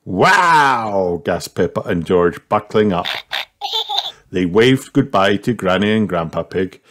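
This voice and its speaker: A man reading a children's storybook aloud, gentle and measured. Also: low voice. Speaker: narrator.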